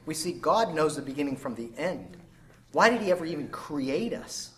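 A man in a Bible study group speaking reflectively and hesitantly, with many pauses and fillers. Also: a little high, very animated, fairly bright tone, poor audio. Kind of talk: group discussion.

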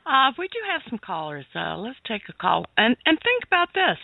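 A woman's voice: fairly high pitch, sing-song, gravelly, no echo. A woman hosting a call-in radio show, interjecting briefly and moving on to callers. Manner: quick interjections, agreeing and steering to callers. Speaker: radio host. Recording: tinny lo-fi broadcast sound.

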